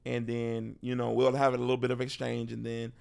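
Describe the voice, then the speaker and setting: Gravelly comedian telling animated stories. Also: male voice, medium pitch, a little fast. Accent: Texan. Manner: animated storyteller, acts out crowd voices. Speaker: stand-up comedian, podcast guest. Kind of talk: casual interview chat.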